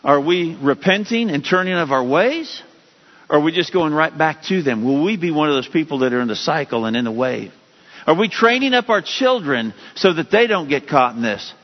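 A man preaching a sermon as a pastor, with sudden rises in pitch and emphasis. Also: lively intonation, normal speed. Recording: dull lo-fi sound with long hall reverb.

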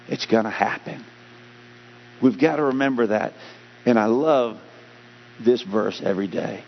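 A man preaching a sermon as pastor, animated, getting louder and slower to stress his points. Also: medium pitch, a little hiss or hum. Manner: animated preaching, rising loud and slowing for emphasis. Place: church sanctuary. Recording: dull, humming church hall recording.

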